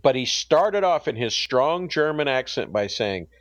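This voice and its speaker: A man's voice: medium pitch, big pitch swings, a little slow, dry recording, lo-fi sound. A man co-hosting a podcast in playful, ironic banter who laughs easily. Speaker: podcast co-host.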